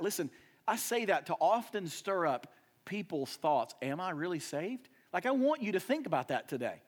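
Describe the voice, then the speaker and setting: A young adult pastor with a slightly high voice delivers a sermon that swings between emphatic, loud surges and quiet, hushed dips.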